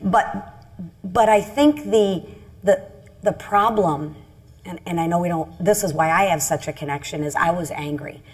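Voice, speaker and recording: A woman's voice: on the low side, measured pace. A middle-aged woman from Michigan, a congresswoman telling a personal story on a panel in an earnest, candid, self-critical way.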